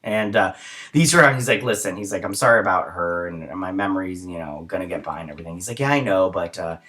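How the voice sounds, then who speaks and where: A man's voice: sits low, fast talker, sharp tone. Rambling man recapping a TV episode. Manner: rambling retelling with many fillers. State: tired early in the morning. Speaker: host reviewing a TV episode. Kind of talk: casual recap and review.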